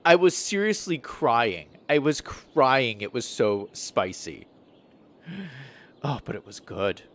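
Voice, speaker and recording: A man's voice: lowish voice, lively intonation, takes it slowly, fairly bright tone. Guy streaming a city builder, talks to himself a lot, voice bounces up and down. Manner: thinks aloud, chatty, self-correcting. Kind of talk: casual gameplay commentary.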